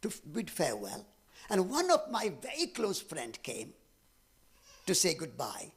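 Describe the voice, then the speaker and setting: A man with an Indian accent tells a personal story to an audience, his voice somewhat husky and fairly high. His pitch rises and falls in lively swings, and he speaks earnestly, with dramatic pauses. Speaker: speaker at a public event.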